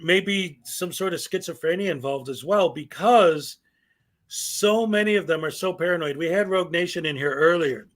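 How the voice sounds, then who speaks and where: A man with a high voice hosts a relaxed chat show. He talks with animated energy and often repeats his opening words before his point lands. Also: normal speed. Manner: animated, repeats words when starting a thought. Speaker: host. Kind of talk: casual chat.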